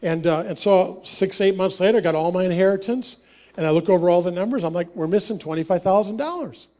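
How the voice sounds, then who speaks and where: A man with a noticeably high voice delivers a sermon built on personal anecdotes. He talks like he's chatting with the congregation, laughing easily and slipping into the voices of the people in his stories. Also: fast, warm tone. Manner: conversational, laughs often, acts out dialogue. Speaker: preacher.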